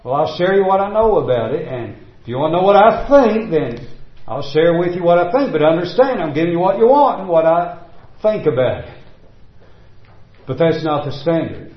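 A man's voice: on the high side, very animated, moderate pace, roomy sound, muffled recording. A man preaching a sermon, reading scripture in old-fashioned wording and hammering home repeated refrains.

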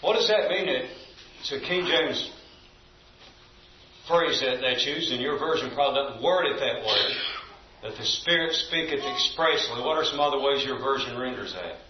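A man leads a Bible study in a church building, his medium-pitched voice moving at a moderate pace with slight background noise. He reads scripture aloud emphatically, stressing key phrases and quizzing the class, all captured on a distant mic in an echoey room with dull, lo-fi sound.

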